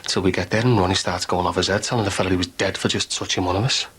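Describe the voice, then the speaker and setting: A man's voice: deep voice, fairly even intonation, racing, fairly bright tone, slightly rough. A young man, playing a reformed tearaway in a 1990s TV soap who talks bluntly and ruefully. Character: reformed young Liverpool tearaway, sober, earnest.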